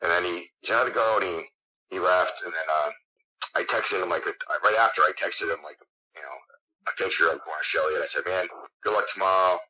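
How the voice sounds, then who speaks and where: A man who is a guest on a podcast, excitedly telling a long story with lots of fillers. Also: sits low, brisk, husky, rough recording. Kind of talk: casual interview chat.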